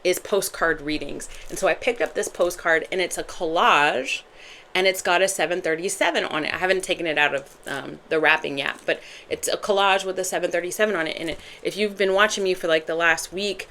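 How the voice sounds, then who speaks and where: A woman's voice: fairly low pitch, brisk, a bit bright. A woman giving a casual, chatty tarot reading to her viewers, rambling with self-corrections and bursts of laughter. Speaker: tarot reader.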